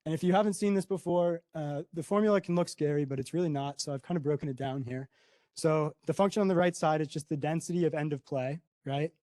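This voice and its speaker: A man's voice: a little high, mellow, dry recording. A young man giving a conference talk, explaining slides casually with frequent ums and a questioning "right?". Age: young adult. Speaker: conference presenter.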